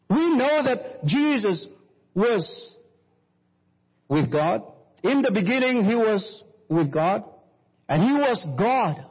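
A high-voiced man preaches slowly, his pitch rising and falling widely as he quotes scripture. His voice is slightly husky, and it rings with long reverb in a dull-sounding hall recording. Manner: slow, sweeping preaching with Bible quotes. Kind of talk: sermon.

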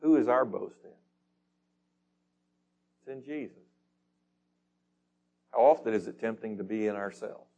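A man's voice: lowish voice, a little slow, vocal fry, long pauses, mellow, muffled recording. Man, Bible study teacher, conversational, reads scripture, asks the group questions.

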